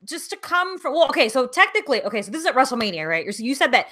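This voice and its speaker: A woman's voice: sits high, sing-song, racing, a bit bright. A woman co-hosting a podcast, chatting casually and animatedly, swearing and laughing easily. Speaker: podcast co-host. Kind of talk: casual chat.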